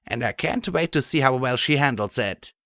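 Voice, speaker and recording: A man's voice: medium pitch, lively intonation, moderate pace, a bit bright, no echo, clean studio sound, voice pushed up. Man doing a darkly cheerful pony mare. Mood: amused. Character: cheerful grinning female pony soldier.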